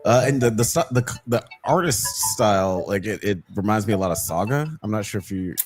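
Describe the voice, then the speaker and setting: Easygoing man, low lively voice. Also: fairly quick, soft background music. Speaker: podcast co-host. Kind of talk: casual chat.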